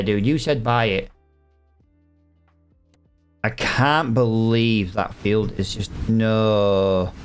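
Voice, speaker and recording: A man's voice: medium pitch, clear, resonant tone. A man giving casual, chatty gameplay commentary and talking to his viewers. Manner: chatty, exasperated, talks to viewers. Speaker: gaming streamer.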